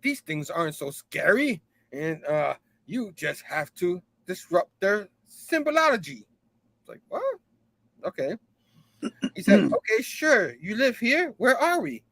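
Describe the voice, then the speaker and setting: A man hosts a loose comic book recap, paraphrasing the dialogue instead of reading it and breaking into laughs as he goes. His voice sits high and bright. The sound is dry and close, with no room around it. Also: no echo. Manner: laughs often, repeats "you know what I mean"; loosely acts out characters' lines. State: hot and sipping a drink. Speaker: comic book review host.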